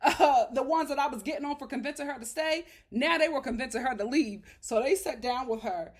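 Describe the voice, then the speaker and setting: A woman talking through a reality show episode in loose, chatty commentary. She is sassy and emphatic, leaning hard on her points, and her voice sits fairly high. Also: a little fast, husky. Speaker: reality TV reviewer. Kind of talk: casual commentary.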